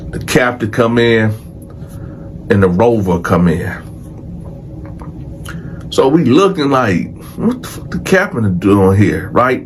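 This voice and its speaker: A man telling a prison story in a casual, animated and profane way, addressing his audience directly. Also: mid-range voice, slight background noise. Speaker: storyteller host.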